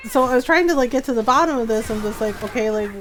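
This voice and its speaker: Middle-aged woman, game streamer, casual chat, laughs a lot, acts out quotes, slightly high voice. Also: fast, slight background noise. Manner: animated storytelling, laughs often, acts out quotes. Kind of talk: casual chat while gaming.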